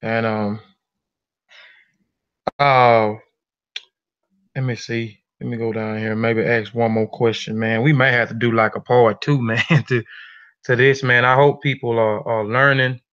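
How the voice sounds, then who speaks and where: A man's voice: medium pitch, flat delivery, a little slow, long pauses, smooth. A man hosting a live show in a loose, chatty way, addressing his audience as family. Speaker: host. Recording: dull lo-fi sound.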